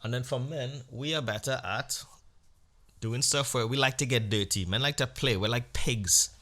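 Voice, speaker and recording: A man telling crude comic stories as a podcast host, acting out exchanges with sudden jumps in pitch and volume. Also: moderate pace, bright, forceful tone. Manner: blunt and crude. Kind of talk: comic storytelling monologue.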